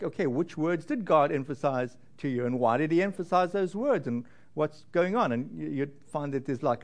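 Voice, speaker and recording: A man preaching as a pastor in church, gentle and halting, with frequent restarts and fillers. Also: on the high side. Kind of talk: sermon.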